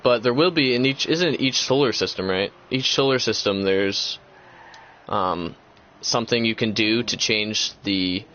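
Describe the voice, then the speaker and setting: A young man with a lowish voice talks casually as the host of a gaming chat, rambling and circling back with many fillers and restarts. The recording sounds dull and lo-fi. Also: unhurried, fairly bright tone.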